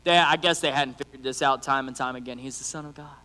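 A man's voice: mid-range voice, quick pace. A man preaching a sermon in a casual, conversational way, acting out the lines of people in his stories. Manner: animated, conversational, acts out quotes. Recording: long hall reverb.

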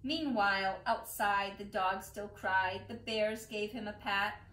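A woman librarian reading picture books aloud at storytime, expressive and rhythmic. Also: medium pitch, slow. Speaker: children's librarian. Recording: echoey room.

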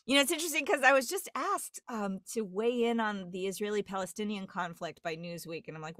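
A woman's voice: mid-range voice, a little fast, few pauses, a bit bright, no echo. Woman, from New York, dialect coach, rambling, lots of fillers, dry close recording. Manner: rambling, many fillers and restarts. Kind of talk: casual podcast conversation.

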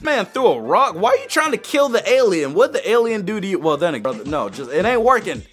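Excitable male reaction host, high and bouncy, quick to exclaim and joke. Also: soft background music. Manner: animated, joking, frequent exclamations. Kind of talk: casual reaction commentary.

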